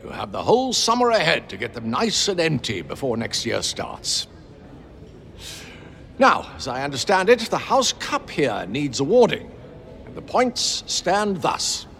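A man's voice: on the high side, wildly swooping pitch, measured pace, gravelly, fairly bright tone, slight background noise, full character voice. A man voicing a whimsical, wise old male headmaster giving a playful, rambling speech. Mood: genial. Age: older.

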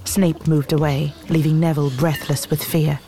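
A woman narrating a children's novel in a measured, expressive reading. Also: deep voice, noisy background. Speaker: audiobook narrator. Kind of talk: storybook narration.

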